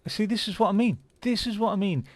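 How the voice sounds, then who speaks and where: A man's voice: sits high, fast talker, dry recording. A man giving casual, rambling commentary while playing a game, with lots of fillers and restarts. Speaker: gaming channel host. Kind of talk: casual let's-play commentary.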